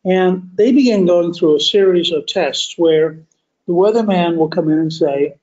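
A man hosting a podcast, telling a history story as a deliberate, emphatic monologue that stretches key words. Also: sits high, darkish tone, highs cut off. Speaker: podcast host.

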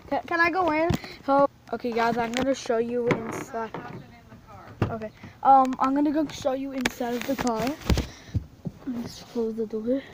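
A woman vlogging from in and around a car, jumpy and playful, swinging between hushed whispers and loud exclamations. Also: on the high side. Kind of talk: playful make-believe vlog. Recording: noisy handheld recording.

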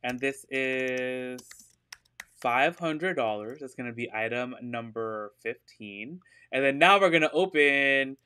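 A man's clear, resonant mid-range voice, bright and forceful, leads a live online sale of used designer purses. His talk is loose and casual, sprinkled with fillers and giggles as he gushes cheerfully about the bags.

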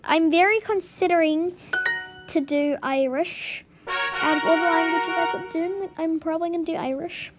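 A woman vlogging as she works through a language lesson, puzzled and giggly, sounding out new words to herself. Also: high-pitched. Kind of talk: casual commentary while doing a language lesson.

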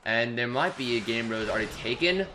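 A man's voice: medium pitch, animated, a little fast, pushed and bright, a little hiss or hum. A man co-hosting a gaming channel, chatting and joking casually while playing.

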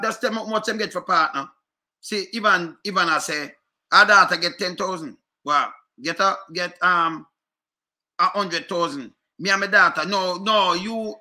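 A man with a Jamaican accent speaks in a bright, cutting tone, sitting a little higher than most men. He rants casually at his viewers, circling back over the same points and throwing out rhetorical questions. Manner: repetitive, fired-up, rhetorical questions. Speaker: commentator.

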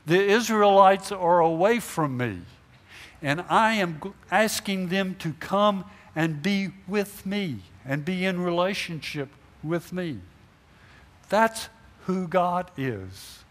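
A man's voice: high voice, lively intonation, takes it slowly, fairly bright tone. A middle-aged male pastor giving a sermon in a church sanctuary, asking the congregation questions and acting out imagined conversations. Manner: acts out imagined dialogue, asks the congregation questions. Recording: long hall reverb in a church.

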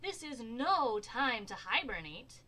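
A woman's voice: fairly high pitch, sing-song, slow pace, bright, forceful tone, full character voice. A woman voicing an eager, pleading male mayor in a storybook reading, raising her voice to coax.

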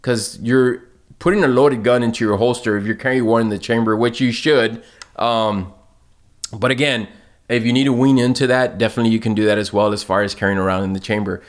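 Brief: relaxed male company owner, casual chatty delivery, mid-pitched, frequent laughs. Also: brisk. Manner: laid-back, says "man" and "dude" often, laughs a lot. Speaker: company owner answering viewer questions. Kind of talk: casual chat.

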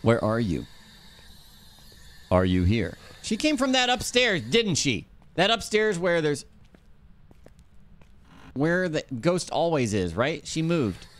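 Slow, animated man streaming a game. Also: a little high. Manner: animated, calling out to the ghost and teammate. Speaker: streamer playing a ghost-hunting game. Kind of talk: casual gameplay chat.

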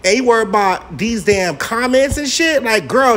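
A man's voice: very high-pitched, expressive, a bit bright. A man giving sassy, scolding commentary on celebrity gossip. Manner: sassy, scolding, drawn-out exclamations.

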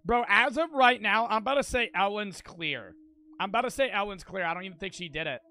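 A young man streaming a game, talking loud and brash, swearing and joking with chat. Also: high-pitched, expressive, brisk. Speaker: gaming streamer. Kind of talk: casual streaming commentary.

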